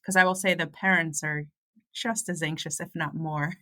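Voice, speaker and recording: A woman's voice: sits low, steady tone, moderate pace, pushed and bright. A woman working in private school admissions, speaking casually on a panel and filling her talk with "you know". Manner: friendly, laughs easily, fillers like "you know". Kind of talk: panel discussion.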